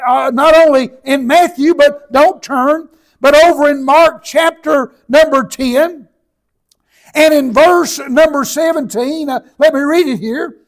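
A man preaching a sermon, reading scripture aloud slowly and breaking into shouts for emphasis, with many repeated words and filler sounds. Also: very high-pitched, poor audio.

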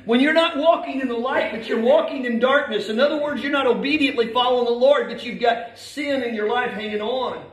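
A man in middle age delivers a sermon from the pulpit, his voice pitched high and ringing through an echoey church hall. He speaks emphatically, pressing each point and lifting his voice as he reads scripture. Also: fairly quick, hardly any pauses. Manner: emphatic, reads scripture aloud with rising force. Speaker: pastor. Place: church sanctuary.

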